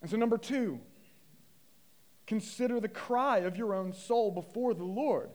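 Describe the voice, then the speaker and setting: A man preaching a sermon with impassioned delivery, swinging from loud emphasis to hushed, low passages and asking the listeners questions. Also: unhurried, long pauses. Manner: addresses listeners as guys, asks rhetorical questions. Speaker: pastor.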